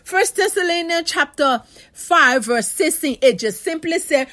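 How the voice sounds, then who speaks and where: High-voiced woman preaching a fervent sermon. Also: animated, a little slow, sharp tone. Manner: fervent, call-and-response, repeats key phrases.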